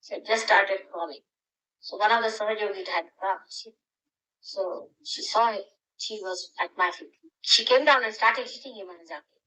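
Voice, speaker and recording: A woman's voice: mid-range voice, moderate pace, sharp tone, low-quality recording. An older woman, a grandmother, giving a spiritual talk to her followers and guiding them with short, direct instructions. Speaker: spiritual teacher.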